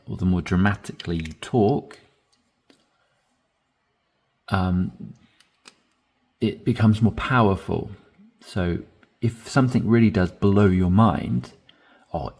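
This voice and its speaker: Slow, husky-voiced male English teacher. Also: on the low side, a little mellow. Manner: slow, deliberate modeling of phrases with stressed inflection. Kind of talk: language lesson, reading dialogue aloud.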